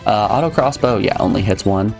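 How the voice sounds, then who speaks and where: A low-pitched male streamer talks his way through a game in loose, rambling chat and turns often to his viewers. Faint game music plays underneath. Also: a little fast, gravelly, a little mellow. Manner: rambling, chatty, addresses chat. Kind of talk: casual live gameplay chat.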